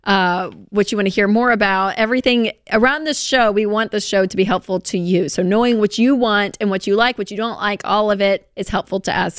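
A woman with a Southern US accent co-hosting a call-in advice show, speaking gently and reassuringly. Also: medium pitch, clean tone, dry recording, clean studio sound. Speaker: co-host giving advice. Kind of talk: radio call-in advice talk.

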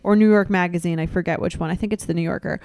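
Chatty woman cohost, smooth clear voice, dry close mic. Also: on the low side, steady tone, very fast, darkish tone, no echo. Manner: chatty, lots of "like" fillers. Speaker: podcast co-host. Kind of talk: casual banter.

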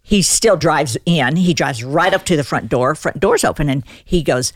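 An older woman, a guest, telling a personal story in a lively, casual way and acting out what people said. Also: low voice, a little fast, few pauses, no echo, studio quality. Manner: animated, acts out quoted lines in the story.

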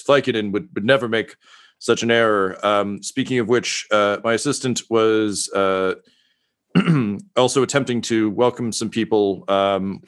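A man's voice: on the low side, a bit bright, smooth. A man voicing an agitated but sheepish male announcer who stammers through an apology.

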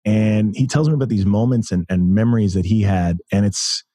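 As a guest on a casual interview podcast, an American man in his thirties tells stories with enthusiasm, restarting many times. His voice is fairly low and dark in tone, a little fast, and recorded dry.

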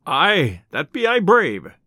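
A man's voice: sits high, huge pitch swings, slow, no echo, studio quality, full character voice. A man doing a blustering tinker. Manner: loud, boastful old-style speech. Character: boisterous, blustering male tinker, adult.

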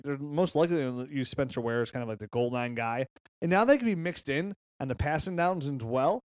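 Man, podcast co-host, smooth clear voice, jokey, excitable, dry close mic. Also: on the high side, no room sound. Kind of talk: casual sports chat.

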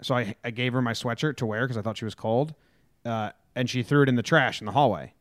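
A man's voice: mid-range voice, quick pace, no echo, clean studio sound. A young man co-hosting a sports talk show, chatting casually and hesitantly with many fillers. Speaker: sports podcast co-host.

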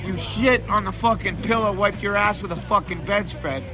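A man's voice: sits high, normal speed, lightly acted. An actor playing an exasperated rock musician who scolds and pleads with his bandmate, swearing as he insists. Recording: film clip with music behind.

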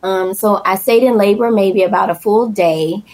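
A woman's voice: mid-range voice, normal speed, rough recording. A woman guest telling the story of her daughter's birth in a personal, emotional way. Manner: emotional, animated retelling with acted quotes.

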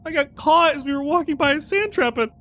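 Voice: high-pitched, fairly quick, pitched above the performer's own voice, natural voice. A performer voicing a weepy middle-aged man who hoards bags and sobs through puns. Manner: sobbing, self-pitying, punning.

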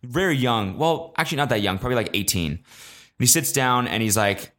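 A man's voice: mid-range voice, animated, fairly quick, fairly bright tone. A young man hosting a podcast, telling a story in a rambling, profane, self-mocking way, full of fillers. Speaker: podcast host. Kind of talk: casual solo storytelling.

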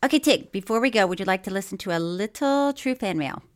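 Lively, laughing woman podcast co-host. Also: medium pitch, quick pace. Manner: laughs often, reads listener mail aloud. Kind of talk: casual chat.

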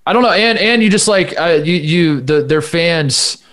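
An American man rambles through a casual sports conversation as a podcast co-host. He talks in an animated way, restarting sentences and piling on asides. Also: a little high, normal speed.

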